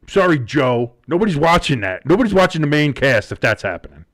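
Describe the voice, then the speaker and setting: A man with a New Jersey accent co-hosting a live sports show, talking in a rambling, excitable way with many restarts. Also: on the high side, fast. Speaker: sports podcast co-host. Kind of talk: casual live draft chat.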